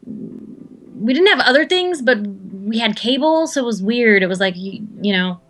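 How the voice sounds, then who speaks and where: A woman's voice: on the high side, expressive, a little slow, a bit bright, slight background noise. Woman voice actor chatting on a podcast, rambles, lots of ums and restarts. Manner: rambling, self-deprecating, many restarts and fillers. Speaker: voice actor guest. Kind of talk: casual interview chat.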